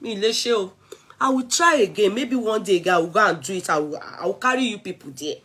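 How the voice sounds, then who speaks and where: A Nigerian woman vlogger in an animated, chatty rant, switching freely between English, Yoruba and pidgin. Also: mid-range voice, fast, breathy edge.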